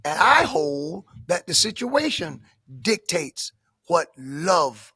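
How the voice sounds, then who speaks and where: Older male preacher with a high, sharp, slightly husky voice, dry close mic, animated and emphatic. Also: slow, no echo. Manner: animated, swings from soft tones to shouted emphasis. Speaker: bishop and pastor. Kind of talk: emphatic interview answers in a preaching manner.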